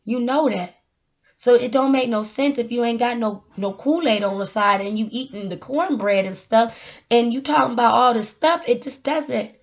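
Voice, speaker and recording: A woman's voice: a little high, moderate pace. Young woman preaching a playful mock prayer. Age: 20s. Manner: preacher-like cadence, repeats "Lord" and "you said it", laughs at herself. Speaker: vlogger. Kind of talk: comic mock prayer and casual pep talk. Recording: dull lo-fi recording.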